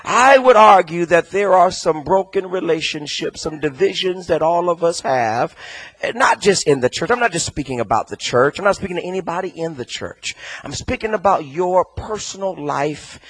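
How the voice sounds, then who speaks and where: A man preaching a sermon as pastor, rising from quiet speech to a shouted, sing-song cadence. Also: sits high, animated, moderate pace, poor audio.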